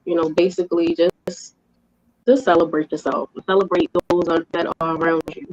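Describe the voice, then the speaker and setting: A soft-spoken woman on a video call who talks briefly and a little hesitantly. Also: fairly low pitch, flat delivery, moderate pace, highs cut off, a little hiss or hum. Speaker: participant. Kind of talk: casual chat on a video call.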